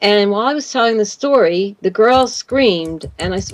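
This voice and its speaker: A woman's voice: medium pitch, moderate pace. A woman guest telling a long personal story in an interview, rambling with fillers and restarts.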